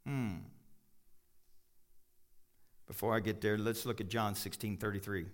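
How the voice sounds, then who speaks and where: A man preaching a sermon in a church, folksy and joking, with sudden loud high bursts and quiet drops. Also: fairly even intonation, measured pace. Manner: folksy, jokes with the congregation. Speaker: pastor.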